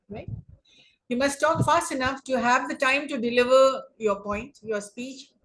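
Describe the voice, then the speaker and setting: Woman, English teacher, online lesson; unhurried, repetitive phrasing, slightly high voice. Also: a bit bright, low-quality recording. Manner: slow, deliberate, repeats and rephrases points. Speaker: English lecturer. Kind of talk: online class lecture on debating.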